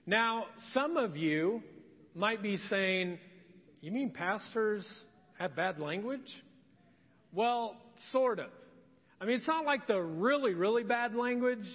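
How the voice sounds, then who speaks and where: A middle-aged man preaching a sermon as a pastor, telling stories in an animated, conversational way. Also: high-pitched. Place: church sanctuary. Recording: dull sound with long hall reverb.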